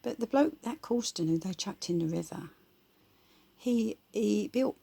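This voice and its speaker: A woman's voice: mid-range voice, expressive, a little slow, gravelly, warm tone, husky. A woman giving her blunt, rambling opinions in casual, colloquial talk.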